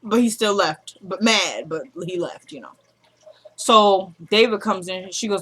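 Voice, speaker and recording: Eine Frau mit Südstaatenakzent, die locker eine Serienfolge nacherzählt und die Figuren mit tieferer Stimme zitiert. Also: female voice, a little slow, fairly bright tone, a little hiss or hum. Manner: retells scenes, quoting characters in a lowered voice. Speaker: TV episode recap vlogger. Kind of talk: casual recap chat.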